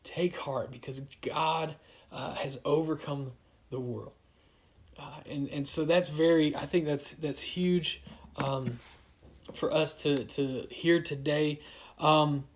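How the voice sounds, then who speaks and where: A youth pastor livestreams a casual devotional, his slightly high voice halting through lots of fillers and restarts.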